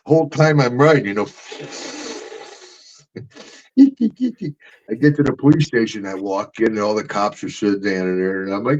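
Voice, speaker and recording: A man's voice: fairly low pitch, lively intonation, normal speed, darkish tone. A man co-hosting a podcast, telling stories in a boisterous way, laughing often and acting out the voices of people in them. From Louisiana, USA. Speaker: podcast co-host, retired wrestler. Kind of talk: casual storytelling chat. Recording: dull lo-fi sound.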